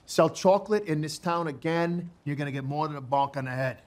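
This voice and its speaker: An actor playing a gruff police officer with a Brooklyn accent, menacing at first and then apologetic. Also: male voice, fairly high pitch, steady tone, a little fast, lightly acted. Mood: weary. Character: gruff New York-style male police officer, blustering.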